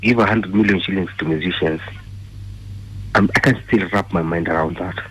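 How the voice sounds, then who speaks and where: A man's voice: low voice, normal speed, fairly bright tone, breathy edge, low-quality recording. A man with a Kenyan accent calling in to a radio show, indignant and angry, firing repeated rhetorical questions. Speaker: caller. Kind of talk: call-in radio rant.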